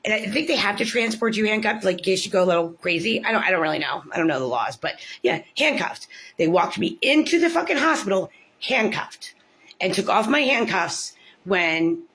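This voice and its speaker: An American woman in an angry personal rant, swearing often, filling with "like", and jumping up in pitch when she gets indignant. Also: expressive, brisk, a bit bright. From United States. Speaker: parent telling about her court case.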